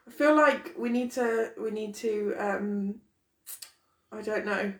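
A woman's voice: mid-range voice, takes it slowly, a bit bright. Wry woman in echoey room. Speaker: podcast co-host. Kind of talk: casual podcast chat.

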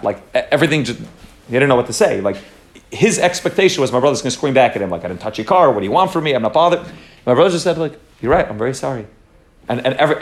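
A young man teaching a Torah class, talking quickly and animatedly, mixing in Hebrew terms and restarting his sentences. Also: mid-range voice.

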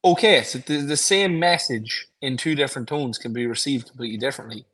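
Man, podcast co-host, medium pitch, casual chat, encouraging, thinks out loud. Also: a little fast, low-quality recording.

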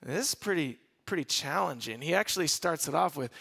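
A man preaching a sermon to a congregation in a relaxed, conversational way, restarting phrases and drawing the crowd in. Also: on the high side, a little fast, creaky, husky. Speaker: pastor.

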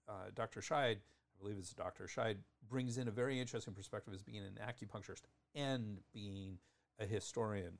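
A man's voice: fairly low pitch, creaky. A man teaching acupuncture terminology in a thoughtful lecture, often restarting phrases and spelling out terms.

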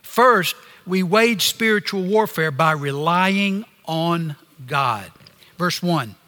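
A man preaching a sermon in an earnest, measured way, pausing often and letting phrases drop low at their ends. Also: expressive, bright, forceful tone, in a large hall.

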